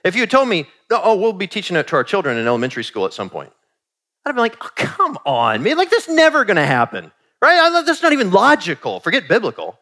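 Animated man preaching a sermon. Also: sits high, fast. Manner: animated, conversational preaching with quoted asides. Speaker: pastor.

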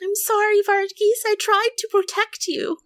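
A woman's voice: very high voice, level tone, moderate pace, fairly bright tone. A woman voicing Mercy, an anxious, apologetic young woman on a ship. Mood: pleading. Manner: pleading, apologetic.

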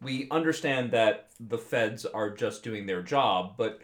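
A man's voice: fairly low pitch, unhurried. A man co-hosting a podcast, chatting in a wry, joking way. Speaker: podcast co-host. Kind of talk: casual chat.

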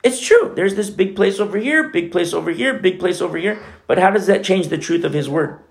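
A man preaching a conversational sermon as pastor, earnest and chatty, often dropping soft asides and then rising for emphasis. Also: sits high, expressive, fairly quick, vocal fry. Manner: earnest, chatty, frequent "you know" asides.

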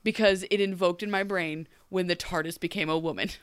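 A woman's voice: on the low side, steady tone, brisk, clean tone, no room sound. A woman co-hosting a podcast in casual chat, gushing about a TV show, laughing often and acting out characters' lines. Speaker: podcast co-host.

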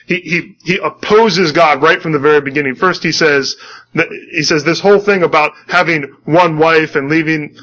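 A man's voice: on the high side, normal speed, bright, forceful tone, highs cut off. A man preaching a sermon, earnestly reading scripture and commenting on it, often repeating words as he restarts.

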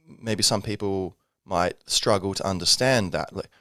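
A man's voice: low-pitched, unhurried, hardly any pauses, bright, forceful tone, dry recording, studio quality. A man hosting a casual solo podcast, rambling with many fillers and self-corrections. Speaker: podcast host.

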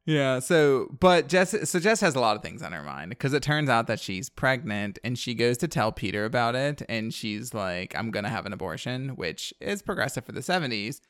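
A man's voice: medium pitch, big pitch swings, normal speed, few pauses, fairly bright tone, smooth, no echo, studio quality. A man on a podcast casually recapping a horror movie plot, rambling with lots of fillers and wry asides. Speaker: podcast co-host.

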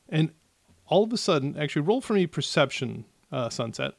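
A man narrating as game master of a tabletop game, with many pauses and restarts. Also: a little high, very animated, vocal fry, no room sound, studio quality. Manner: hesitant, many fillers and restarts.

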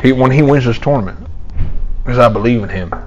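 A man's voice: medium pitch, fairly quick, muffled recording, a little hiss or hum. A man trading jokes and rambling stories in casual banter. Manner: joking, rambling, animated bursts.

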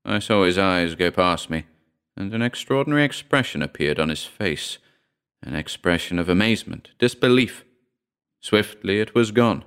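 A man with a very low, smooth voice reads a first-person horror story in a measured manner. His delivery is clear and steady, like an audiobook narration.

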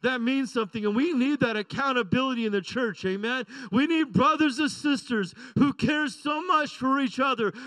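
A middle-aged man preaches with a high, bright voice. His delivery is conversational and playful, full of quick asides to the congregation. The sound is dry and close. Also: clean tone, no echo, low-quality recording. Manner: conversational, joking, asks the congregation "right?" and "amen?". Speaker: pastor. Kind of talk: sermon.

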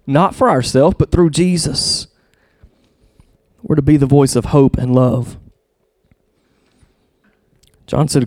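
Guy preaching, gets fired up and goes way high, kinda higher voice, dry sound. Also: no echo. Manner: passionate, rises high and loud when stirred; reads scripture aloud, repeats words when searching. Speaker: pastor. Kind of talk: sermon.

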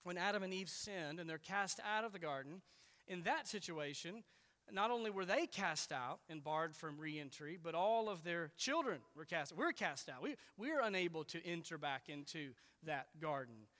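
Earnest, bright-voiced male preacher in a hall. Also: fairly high pitch, lively intonation, normal speed. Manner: earnest, explanatory, stresses key words. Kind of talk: expository sermon.

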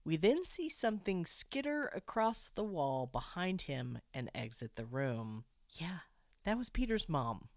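A woman's voice: fairly low pitch, very animated, unhurried, no echo, studio quality. A woman co-hosting a podcast, retelling a film scene by scene in a casual, wry and dramatic way. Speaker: podcast co-host recapping a film. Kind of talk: casual recap narration.

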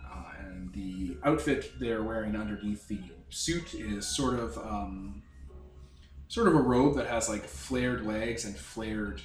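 A man with a lowish voice narrates slowly as game master of a tabletop game, rambling, searching for words, and full of fillers and restarts. The mic is distant in a roomy space with faint music.

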